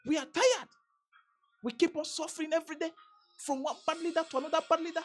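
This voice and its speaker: A woman's voice: very high voice, fairly even intonation, fast talker, pauses often, soft background music. A Nigerian woman vlogger giving an emphatic political commentary, repeating phrases and restarting sentences as she presses her points. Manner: emphatic, repetitive, stammering restarts.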